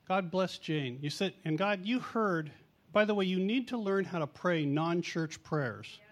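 A man's voice: high-pitched, animated, unhurried. A middle-aged man preaching in a chatty storytelling way, mocking himself and acting out the quotes. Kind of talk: storytelling sermon.

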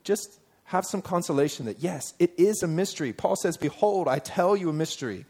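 A man delivers a sermon in a fairly high voice, talking to his listeners as if in conversation. He keeps asking them questions and reads scripture passages aloud with emphasis. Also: animated, brisk, darkish tone, breathy edge. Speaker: preacher.

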